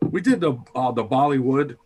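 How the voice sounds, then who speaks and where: Swearing chef telling kitchen stories. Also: male voice, mid-range voice, expressive, a little fast, a little mellow. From Tampa area, United States. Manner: storytelling, swears freely, acts out quotes. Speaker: chef and podcast co-host. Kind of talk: casual podcast chat.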